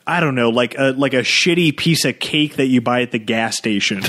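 A man co-hosting a movie podcast, riffing loosely and swearing as he goes. His voice sits at an ordinary middle pitch, and he wanders through his points with lots of fillers before landing them. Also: normal speed, fairly bright tone, slight background noise. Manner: rambling, profane, jumps into goofy voices. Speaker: podcast co-host. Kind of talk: casual movie-review banter.

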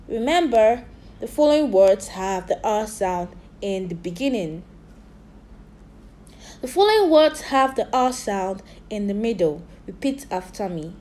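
A woman English teacher leading a phonics lesson for young children, slowly sounding out and spelling words for them to repeat. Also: a little high, very animated, a little mellow. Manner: slow, drilled repetition of sounds and spellings.

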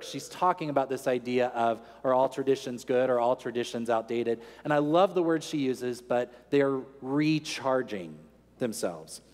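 A man preaching a sermon in an earnest teaching tone, asking rhetorical questions. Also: medium pitch. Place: large church sanctuary. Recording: long church reverb.

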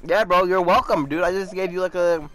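A man's voice: sits high, a little fast, a bit bright, soft background music. A young man talking casually and mocking another player while recording a gaming video. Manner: taunting, mocking. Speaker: YouTuber.

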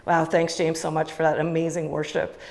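A woman's voice: low voice, little pitch movement, brisk, loud music behind the voice. A woman speaking casually and with enthusiasm to a church congregation, with many fillers. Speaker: church leader giving the offering talk. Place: church sanctuary. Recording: long church hall reverb.

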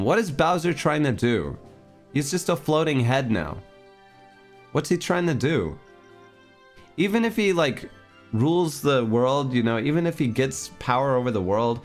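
A young male streamer chats casually through a video game, joking around and reading the on-screen dialogue aloud. His voice sits at a middle pitch but moves up and down a lot. Faint game music plays behind him. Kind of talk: casual gameplay commentary.

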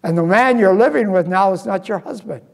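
A male preacher voicing Jesus with plain, gentle directness. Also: high-pitched, brisk, gravelly, long reverb tail.

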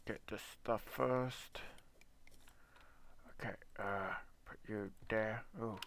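Young male gamer, low gravelly voice, slow mumbled play commentary with swearing and panicky yelps, keyboard clicks behind. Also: fairly even intonation, fairly bright tone, a little hiss or hum. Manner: muttering to himself, swearing, panicky outbursts.

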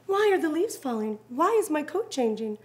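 A woman's voice: high voice, very animated, moderate pace, voice pushed up. A woman voicing a curious, unsure young male fawn in a storybook read-aloud. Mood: wondering. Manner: questioning, eager.

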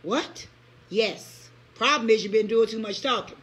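A woman preacher delivering an impassioned live-streamed sermon. She speaks in the first person as God, throws in call-and-response asides, laughs often, and swings from loud outbursts to hushed lines. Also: on the high side, moderate pace. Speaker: preacher leading early-morning prayer.

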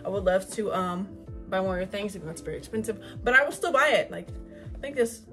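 A young woman hosting an excited unboxing vlog, gushing and swearing freely, squealing when excited. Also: mid-range voice, fast, soft background music. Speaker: vlogger.

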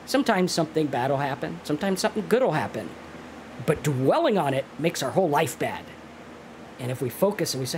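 Lively male co-host, swings up and down a lot, casual and blunt, faint noise in the room. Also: on the high side, brisk. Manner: animated, acts out inner voices, swears casually. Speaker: podcast co-host in recovery. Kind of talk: casual recovery talk.

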